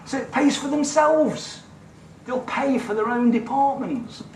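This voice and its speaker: A man's voice: extremely high pitch, a little slow, a little mellow, slight background noise. A man giving a seminar as a letting agent, blunt and repetitive, acting out the people in his stories. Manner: blunt, repeats words, mimics others in raised voice. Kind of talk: animated seminar talk with acted-out anecdotes. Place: seminar room. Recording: echoey room, mic far off.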